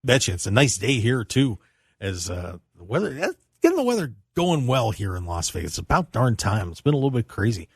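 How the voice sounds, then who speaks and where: A man hosting a radio talk show from a studio by himself, upbeat and animated, hollering and laughing between topics. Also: medium pitch, a little fast, husky, dry recording. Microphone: studio microphone.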